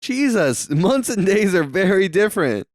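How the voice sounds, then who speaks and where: A man's voice: high-pitched, very animated, normal speed, no room sound, studio quality. A young man with a Southern US accent, co-hosting a podcast and chatting casually and jokingly while watching a movie, rambling and swearing often. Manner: rambling, profane, jokey. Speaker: podcast co-host.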